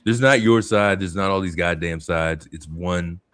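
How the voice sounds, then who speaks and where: A man's voice: low-pitched, moderate pace, fairly bright tone, clear, resonant tone. A man hosting a casual podcast chat, blunt, profane and emphatic. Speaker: podcast host.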